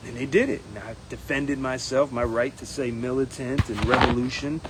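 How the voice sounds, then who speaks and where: A man speaking in a casual campaign monologue as a union steward, animated and acting out others in quotes. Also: mid-range voice, a little fast, hardly any pauses, slight background noise, rough recording. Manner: animated, acts out members' voices in quotes. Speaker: union steward running for president.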